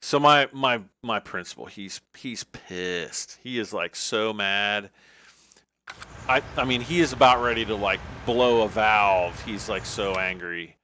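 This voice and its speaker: A man's voice: on the low side, a little slow, pushed and bright. A man on a livestream telling a long personal story in a casual, rambling way, full of restarts and "like".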